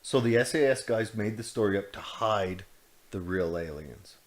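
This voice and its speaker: A man's voice: on the low side, lively intonation, normal speed. Man, podcast co-host, rambling joking storyteller, casual chat. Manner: rambling, jokey storytelling with laughs.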